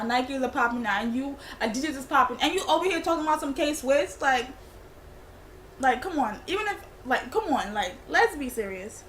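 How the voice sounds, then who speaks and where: A woman's voice: high voice, a bit bright, a little hiss or hum. A young woman telling a rambling, slangy storytime for her vlog. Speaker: vlogger. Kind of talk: casual storytime.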